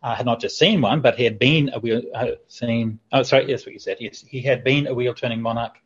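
A man, a Buddhist monk, answering questions in an online sutta class, relaxed and chatty with light humor. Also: mid-range voice, brisk, husky. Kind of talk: online teaching Q&A. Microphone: video call. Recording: dull lo-fi video call audio.

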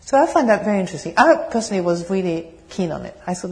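A woman with a French accent tinged with British English, giving a meditation talk and answering questions in a gentle, searching way. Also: on the low side, big pitch swings, racing. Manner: gentle, searching, laughs softly, asks the audience questions. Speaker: meditation teacher. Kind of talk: dharma talk with Q&A. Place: meditation hall.

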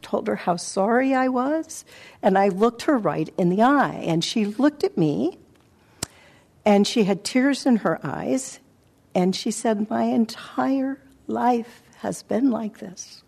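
A woman meditation teacher with a mid-range voice gives a dharma talk in a meditation center hall. She tells a personal story reflectively, haltingly, with soft pauses.

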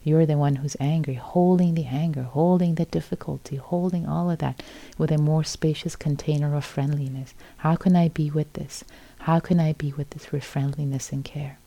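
Low, mellow woman teaching meditation. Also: steady tone, normal speed, vocal fry. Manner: gentle, repetitive, emphatic. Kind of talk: dharma talk. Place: retreat center hall.

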